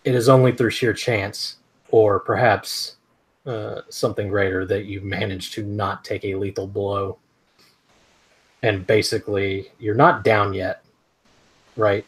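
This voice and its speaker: A man narrating a tabletop game as its game master, with deliberate, drawn-out phrasing and frequent fillers. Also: lowish voice, little pitch movement, husky.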